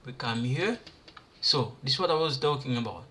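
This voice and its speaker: A man teaching pronunciation, repeating syllables and words slowly for learners. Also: on the high side, big pitch swings, bright, forceful tone. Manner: slow, repeats sounds and words aloud for learners. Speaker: language teacher. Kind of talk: pronunciation lesson.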